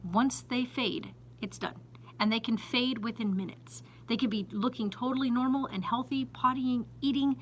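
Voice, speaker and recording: Woman vlogger, store owner, high-ish voice, chatty and exasperated, phone-camera vlog in her shop. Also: moderate pace, a little hiss or hum, low-quality recording. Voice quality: chatty, exasperated, laughing and emphatic. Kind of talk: casual chat to camera. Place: indoors in her small store.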